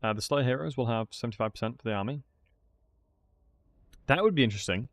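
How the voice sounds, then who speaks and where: A man's voice: mid-range voice, fast, no echo. A man giving casual commentary while playing a strategy game, chatting and thinking aloud. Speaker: gaming streamer.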